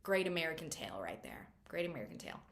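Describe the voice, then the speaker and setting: A woman's voice: deep voice, very animated, racing, creaky, a bit bright. A woman hosting a casual book chat, recapping a novel in a chatty way with lots of fillers and wry asides. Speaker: book reviewer host.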